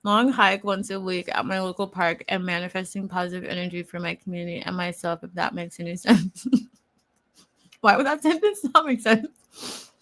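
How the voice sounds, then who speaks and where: A woman's voice: fairly low pitch, moderate pace, a bit bright. A woman hosting a casual livestream, chatting and laughing often as she reads viewers' comments aloud, sometimes talking with food in her mouth. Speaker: livestream host. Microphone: eating while talking on a livestream.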